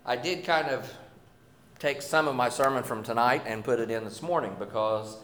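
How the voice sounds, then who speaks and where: A man delivers a sermon at a middling pitch, reading scripture before drifting into folksy, self-deprecating talk. He often stops and restarts his phrases. The sound carries a noticeable room echo. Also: moderate pace, fairly bright tone, a little hiss or hum. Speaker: preacher.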